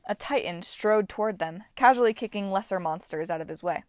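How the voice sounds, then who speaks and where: A woman narrating an audiobook in a calm, even storytelling manner. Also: medium pitch, brisk, dry recording, clean studio sound. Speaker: audiobook reader.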